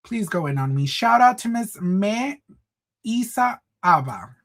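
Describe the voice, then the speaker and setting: A man's voice: high-pitched, sing-song, measured pace, fairly bright tone. A man hosting a casual livestream, chatting with viewers in a sassy, campy way, calling them honey and girl and slipping into Spanish phrases. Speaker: livestream host.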